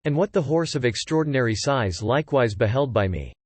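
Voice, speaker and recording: An earnest young disciple from an ancient epic storybook, read by a man, pleading in formal archaic speech. The voice stays at a middle pitch and sounds dry and close. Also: expressive, brisk, a little mellow, no echo, lightly acted. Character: devoted young male disciple seeking vengeance on a serpent.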